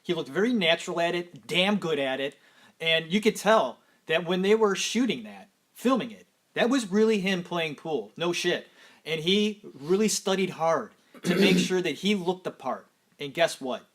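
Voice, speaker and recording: A man's voice: sits high, animated, moderate pace. A man casually chatting as a podcast host, enthusiastic and rambling, with the odd swear. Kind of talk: casual chat.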